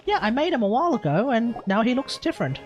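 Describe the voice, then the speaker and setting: An Australian woman streaming a game live, chatting excitedly and talking to her viewers. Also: on the high side, fast, muffled recording, soft background music. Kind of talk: live gameplay commentary.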